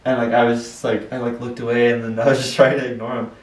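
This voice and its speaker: Young male podcast co-host, animated storyteller, roomy room, mic a bit far. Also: medium pitch, quick pace. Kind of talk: casual chat.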